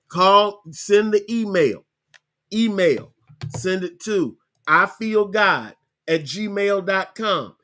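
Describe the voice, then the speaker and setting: A man hosting a podcast, casually walking viewers through a screen-share tutorial, repeating himself and spelling things out slowly. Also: high voice, pushed and bright. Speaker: podcast host.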